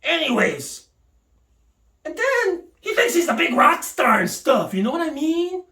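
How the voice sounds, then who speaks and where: High, animated woman ranting in an echoey room. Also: measured pace. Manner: exaggerated, mock-indignant ranting. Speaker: comedic commentator. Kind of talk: comic rant. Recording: echoey room, mic at a distance.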